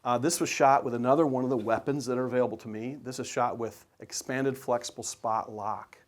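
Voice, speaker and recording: An enthusiastic man presents his photos to an audience in a relaxed, conversational way. He is a working sports photographer who talks easily, with plenty of fillers and restarts, at a mid-range pitch. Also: fairly quick.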